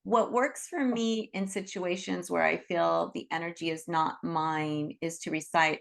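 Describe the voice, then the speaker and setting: Female teacher, low gravelly voice, earnest and reassuring, on a video call. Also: moderate pace. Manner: earnest, reassuring, frequent "right?" and "you know". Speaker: Reiki teacher leading an online group. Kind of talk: teaching talk to an online group.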